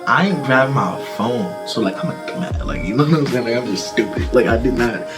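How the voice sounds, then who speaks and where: A man of middle pitch tells a rambling storytime, swearing and laughing as he goes. His delivery leans on fillers and asides. Music plays clearly behind him. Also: animated, brisk. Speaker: vlogger. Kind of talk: casual storytime.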